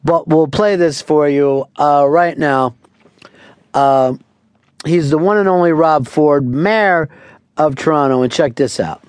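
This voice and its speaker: A male radio host talks in brash, profane banter, laughing easily. His voice sits high for a man, and the sound is dry and close with no room to it. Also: slow, clear, resonant tone, no room sound.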